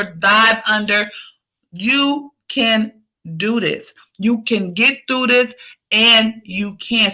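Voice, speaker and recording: A woman's voice: mid-range voice, pushed and bright, poor audio. A woman hosting a podcast, giving an emphatic, repetitive motivational pep talk. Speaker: podcast host.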